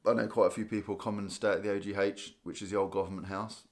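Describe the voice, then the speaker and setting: Low-ish and darkish in tone, a man's voice runs at a quick pace with a level delivery. He's a tired, yawning livestream host from Guernsey, loosely reading out viewer comments, rambling and thinking aloud with restarts and small laughs.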